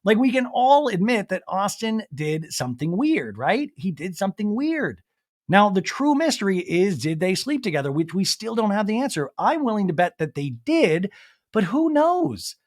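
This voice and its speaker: A young man hosting a podcast, recapping reality TV in casual chat, animated and quick to quote people. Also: sits high.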